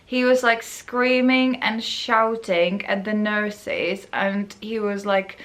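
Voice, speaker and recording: A woman's voice: medium pitch, fairly even intonation, takes it slowly, hardly any pauses, fairly bright tone. A woman hosting a podcast, casually telling a personal story in a rambling way full of fillers. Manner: rambling, many fillers, acts out other people's voices. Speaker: podcast host.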